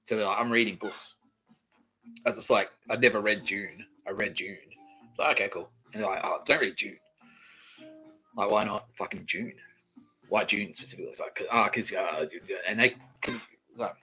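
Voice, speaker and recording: A man's voice: fairly low pitch, a little fast, pauses often, highs cut off, faint music behind. A man, hosting a comedy podcast and telling a profane, mock-angry story. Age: 40s. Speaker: podcast host.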